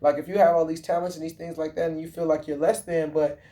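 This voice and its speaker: A man with a somewhat high but mellow, warm voice chats casually to his viewers. He rambles, restarts his sentences and throws in slang and swearing as he goes. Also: little pitch movement, quick pace. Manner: rambling, slangy and profane, with frequent fillers and self-corrections. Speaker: vlogger. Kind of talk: casual movie talk.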